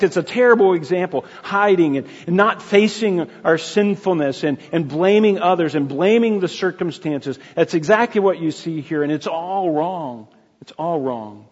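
A man preaching a sermon in an earnest, halting way, often restarting his sentences. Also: a little high, slightly rough. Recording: dull lo-fi sound in a reverberant hall.

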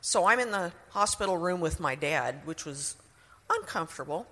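A woman's voice: on the low side, animated, moderate pace, fairly bright tone, big-room sound. A middle-aged woman sharing a personal testimony in an earnest, emotional way.

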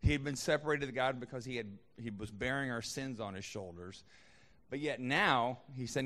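A man's voice: mid-range voice, moderate pace, bright, forceful tone, big-room sound. A man preaching a sermon as a pastor, conversational, with frequent restarts and fillers.

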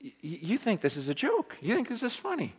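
A man's voice: sits high, huge pitch swings, fast, breathy edge, big-room sound, pitched above the performer's own voice, exaggerated voice. A man voicing a menacing adult male street gangster in a joke. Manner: threatening, blunt.

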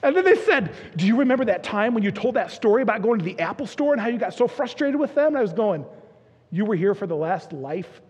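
A man with a high, husky, expressive voice preaches a sermon as a pastor, speaking fast. He tells stories earnestly and conversationally, often restarting his sentences. The recording is dull and lo-fi, made in a reverberant hall.

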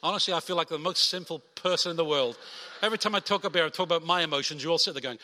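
A man preaching a sermon from the front, animated and lively, acting out quoted voices. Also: on the high side, rapid-fire, a little hiss or hum. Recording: long hall reverb.

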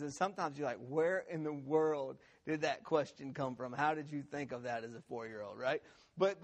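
Gravelly-voiced man preaching a sermon. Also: on the high side. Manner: animated, laughing storyteller with many restarts. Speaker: pastor. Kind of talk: sermon with a funny opening story. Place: church.

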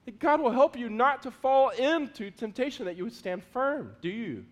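A man preaching a sermon as pastor, earnest, moving between loud pleading prayers and quiet asides. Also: extremely high pitch, very animated, normal speed, hardly any pauses. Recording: long hall reverb.

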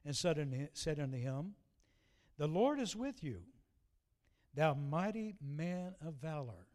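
A man preaching a folksy sermon, slowing down to read scripture aloud. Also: a little high, very animated, a little mellow.

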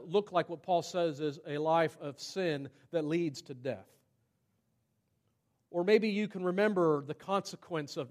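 Male pastor, fairly high-pitched, conversational sermon delivery with emphatic swells and soft asides. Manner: conversational preaching, rising to emphatic peaks and dropping to hushed asides.

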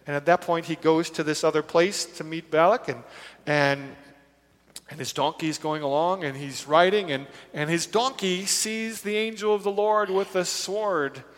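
A man delivering a sermon in a relaxed, conversational style. His voice sits a little high for a man, and he retells scripture casually, slipping into the characters now and then. Everything rings out with the long reverb of a large hall. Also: normal speed. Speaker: pastor.

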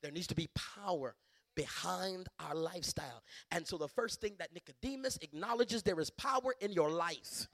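A middle-aged man preaches as a bishop in a high, gravelly voice. His sound is dry and close, with no room around it. He builds into loud, fervent peaks and stumbles through repeated restarts. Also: normal speed, dry recording. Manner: impassioned, surging to loud emphatic peaks; stammering restarts and repeated words. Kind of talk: sermon.

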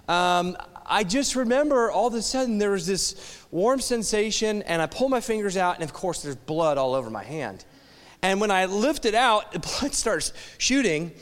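A man's voice: a little high, a bit bright. A middle-aged man, a pastor, telling a wry, self-mocking story in a sermon. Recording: long hall reverb.

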